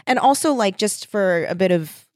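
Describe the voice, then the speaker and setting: A woman's voice: medium pitch, expressive, moderate pace, dry recording, studio quality. A woman co-hosting a casual book podcast, talking hesitantly with many filler words as she searches for words. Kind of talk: casual chat.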